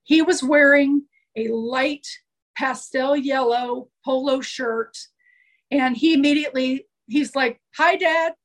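High-voiced woman telling heartfelt nurse stories. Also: fairly even intonation, slow pace, rough recording. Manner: earnest, heartfelt, with frequent restarts. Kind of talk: conversational storytelling.

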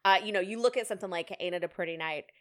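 A woman from the South, a podcast co-host and singer, chatting animatedly about opera. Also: medium pitch. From American South. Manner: animated, quick to jump in, playful. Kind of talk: casual conversation about opera.

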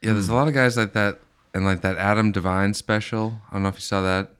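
Low-voiced man with dry remarks. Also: steady tone, quick pace, a bit bright, clear, resonant tone. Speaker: podcast guest. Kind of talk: casual chat.

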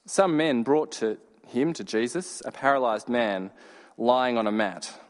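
A man preaching a sermon, telling a story with dramatic pauses and sudden shouted bursts. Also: medium pitch, lively intonation. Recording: long hall reverb.

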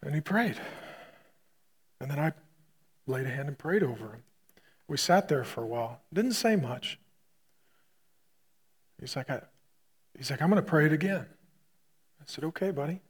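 A man preaches from the pulpit in a slightly high, husky voice. He tells his story in vivid bursts, then drops to a soft, hushed delivery for the heavy moments. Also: lively intonation, moderate pace, long pauses. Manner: swings from loud punchy bursts to quiet hushed retelling. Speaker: pastor. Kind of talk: sermon storytelling.

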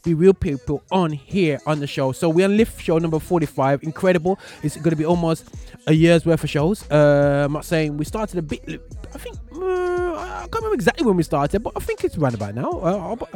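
A man's voice: a little high, expressive, fairly quick, warm tone, soft background music. Laid-back man hosting radio. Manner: loose and rambling, with slang and laughs. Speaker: radio show host. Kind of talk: casual radio chat. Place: small studio.

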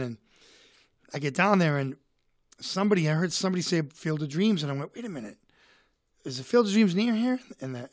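A man's voice: on the high side, no room sound, studio quality. A man from Boston with a Boston accent, a comedian telling stories as a guest in a casual, rambling way, fighting a cold. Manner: rambling, chatty. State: has a cold. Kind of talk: casual storytelling.

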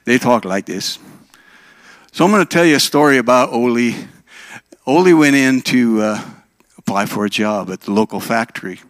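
A man in his sixties from Minnesota preaches a sermon, easy and conversational, often asking the congregation questions. His voice sits at an ordinary pitch and sounds dry and close to the mic. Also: fairly quick, dry recording. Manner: conversational, asks the audience questions. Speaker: pastor.

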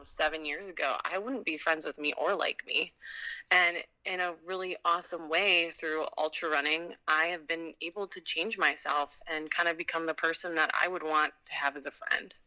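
A woman's voice: deep voice, bright, forceful tone, rough recording. A woman in her thirties from Minnesota, a guest in a casual interview, talking in a chatty, upbeat way with lots of fillers. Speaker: guest, ultrarunner.

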